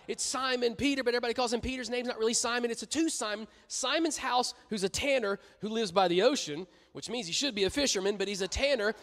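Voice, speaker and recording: A man putting on a breezy, incredulous God who talks like a regular guy, exasperated and loud, with a high, lifted voice. The voice rings with long reverb through a church hall. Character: exasperated chatty God, casual modern man.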